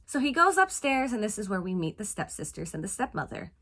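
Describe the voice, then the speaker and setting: A woman hosting a casual, playful film review show and chatting in an animated way. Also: mid-range voice, fairly quick, few pauses. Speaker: host.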